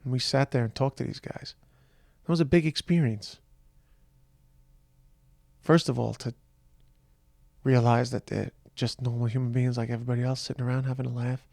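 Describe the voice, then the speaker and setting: Tired man with a gravelly voice. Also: mid-range voice, fairly even intonation, darkish tone, no echo, clean studio sound. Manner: tired, reflective, halting. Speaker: podcast host. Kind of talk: personal monologue.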